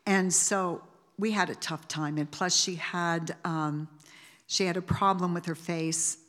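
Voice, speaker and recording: A woman gives a heartfelt memorial tribute in a lowish voice. She talks in a halting, rambling way, with many restarts and fillers. The sound carries the long reverb of a large hall. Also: fairly even intonation, a bit bright. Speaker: family member giving a eulogy.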